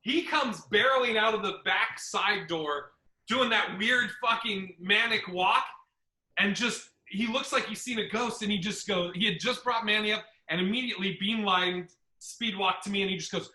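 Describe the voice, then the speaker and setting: A man with a high voice tells stand-up stories on his podcast, swearing freely. His tone is very bright and cutting. The sound carries a roomy echo. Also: normal speed. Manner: profane, animated, acts out other people's lines. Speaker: podcast host and stand-up comedian. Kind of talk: casual storytelling chat.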